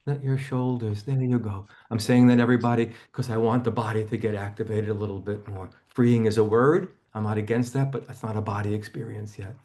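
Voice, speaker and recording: A man teaching a seminar, gently guiding a volunteer through a body-focused therapy exercise over a video call, often dropping to a hush. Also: fairly low pitch, steady tone, a little fast, few pauses.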